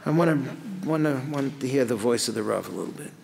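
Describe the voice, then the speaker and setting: Rabbi lecturing in a reverberant hall. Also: male voice, mid-range voice, fast, vocal fry, slight background noise. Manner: reads Hebrew and Aramaic text then translates it, lively questions. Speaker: rabbi teaching a class. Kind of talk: Talmud lecture.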